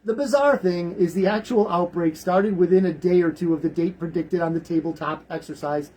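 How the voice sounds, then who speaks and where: Male radio host, husky, rambling casual commentary, chuckles between thoughts. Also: sits high, brisk, darkish tone, low-quality recording. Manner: rambling, repeats words, chuckles.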